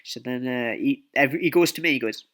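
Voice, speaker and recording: Casting: casual storytime vlogger, male, bright and tense, talks in repeats and restarts. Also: medium pitch, quick pace. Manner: rambling, repeats words and swears often.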